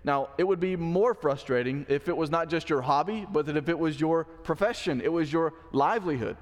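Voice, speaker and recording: Pastor guy preaching casual, kinda high voice, does little voices for the story, big echoey church. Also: brisk. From Mississippi. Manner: conversational, acts out the quoted lines. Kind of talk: sermon. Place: church sanctuary. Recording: long church hall reverb.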